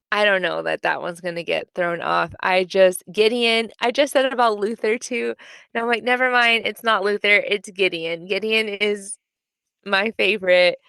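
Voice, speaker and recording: A young woman talks through her favorite books in a loose, filler-filled, emphatic way, like a podcast co-host. Her voice has a gravelly fry yet stays smooth and resonant. The recording is close and dry. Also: mid-range voice, fairly bright tone, no room sound. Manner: chatty, filler-heavy, emphatic. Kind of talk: casual book chat.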